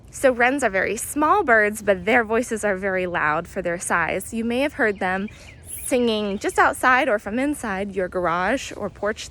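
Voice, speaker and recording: A woman guiding an outdoor nature walk, explaining bird sounds in a relaxed way with many pauses and imitating the calls. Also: medium pitch. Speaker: naturalist guide. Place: outdoors near hedges and compost bins.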